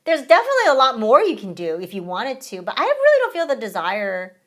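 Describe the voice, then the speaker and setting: A woman's voice: a little high, huge pitch swings, fast, a bit bright. A woman in her thirties co-hosting a podcast, chatting casually and saying "like" a lot. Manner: chatty, heavy use of "like". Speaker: podcast co-host. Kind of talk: casual chat.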